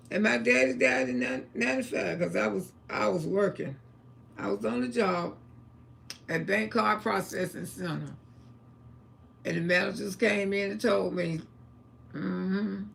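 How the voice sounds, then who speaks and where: Gravelly lady in her 60s, high bright voice, talks straight and salty on her livestream. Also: a little hiss or hum. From Florida, USA. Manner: blunt, salty, talks about God and family. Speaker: livestream host. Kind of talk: casual storytelling livestream.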